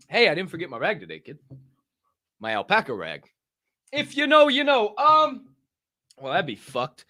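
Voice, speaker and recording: A young man hosting a livestream podcast, loud and joking, swearing freely and laughing at himself. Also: sits high, huge pitch swings, moderate pace, pauses often, dry recording, clean studio sound. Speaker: podcast host. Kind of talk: loose, profane livestream chat.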